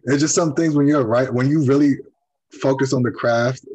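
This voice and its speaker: Husky-voiced man hosting a casual chat. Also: mid-range voice, steady tone, moderate pace, darkish tone, dull audio. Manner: earnest, praising, many fillers. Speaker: podcast host. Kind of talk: casual conversational interview.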